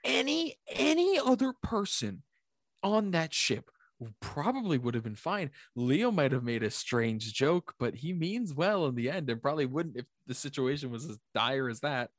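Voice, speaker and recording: A man's voice: medium pitch, expressive, normal speed, no room sound. A man co-hosting a podcast, chatting casually about a book with joking asides. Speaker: podcast co-host.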